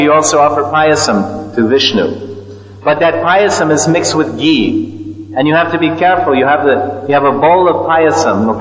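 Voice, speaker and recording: A man's voice: on the high side, fairly bright tone. A man giving a scripture lecture, telling stories and acting out sounds and voices along the way. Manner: storytelling, acts out sounds and voices. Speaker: spiritual teacher. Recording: echoey hall, dull lo-fi sound.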